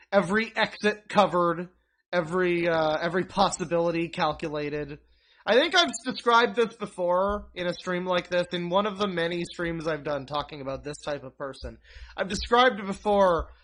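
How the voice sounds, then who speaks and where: A man's voice: high voice, a bit bright. A young man streaming live, ranting sarcastically and swearing freely as he rambles through his commentary with restarts and asides. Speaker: streamer reacting to online content.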